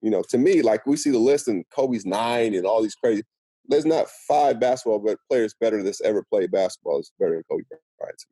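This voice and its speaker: A middle-aged man from Seattle tells stories at a quick clip and acts out the voices of the people in them. His voice is low, dark and a little husky. The sound is close and dry, with no room around it. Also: dry recording. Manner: animated storyteller acting out quotes. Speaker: guest. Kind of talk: casual podcast storytelling.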